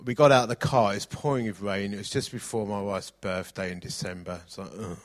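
A man's voice: fairly low pitch, steady tone, fairly quick. A middle-aged man preaching a sermon, mixing jokey anecdotes with scripture reading.

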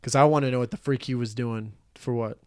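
A man's voice: mid-range voice, steady tone, fast talker, darkish tone, smooth, no echo, studio quality. A young man chatting as a guest on a casual podcast, laughing and exclaiming with friends. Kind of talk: casual chat.

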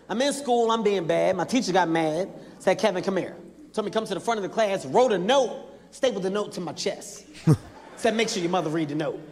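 A man doing stand-up storytelling, animated, acting out voices and shouting punchlines. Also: high voice. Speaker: stand-up comedian. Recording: echoey live hall, faint noise.

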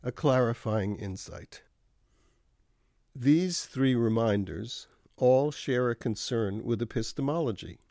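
A man delivers a scripted radio commentary at a slow, unhurried pace. His manner is dry and wry, with measured phrasing. The sound is close and dry, with no room echo. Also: medium pitch, animated, mellow.

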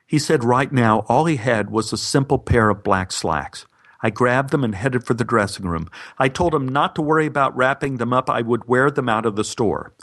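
A man's voice: mid-range voice, expressive, normal speed, a bit bright. A man narrating a personal story for a podcast with dry, wry humor.

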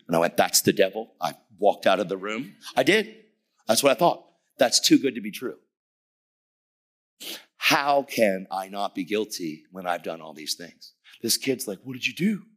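Animated man preaching a sermon. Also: sits low, normal speed. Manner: animated storytelling, shouting at peaks.

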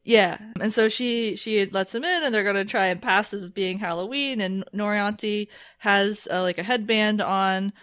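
A woman podcast host recapping a TV episode in casual chat, animated and laughing often. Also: medium pitch, normal speed, hardly any pauses, no room sound, clean studio sound.

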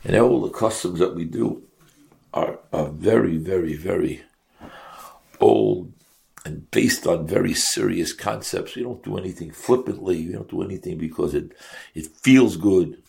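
A man's voice: low-pitched, lively intonation, a little slow, vocal fry, dark tone. A man teaching a Torah class to his congregation, asking rhetorical questions and mixing in Hebrew and Yiddish terms.

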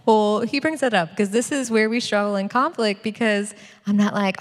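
A middle-aged woman co-preaching a sermon, earnest and quick to laugh. Her voice sits at a middle pitch for a woman. A long reverb trails behind her, as in a big hall. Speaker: pastor's wife, co-preacher.

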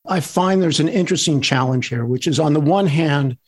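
A man's voice: on the high side, a little fast. A man hosting a casual chat, playfully asking provocative devil's-advocate questions. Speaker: podcast host.

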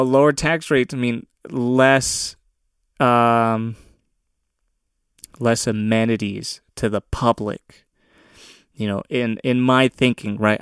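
A man's voice: medium pitch, smooth, no echo, studio quality. Profane, laughing young man ranting. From of Mexican descent, USA. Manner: profane, laughing often, bursts of loud emphasis. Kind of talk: casual solo rant.

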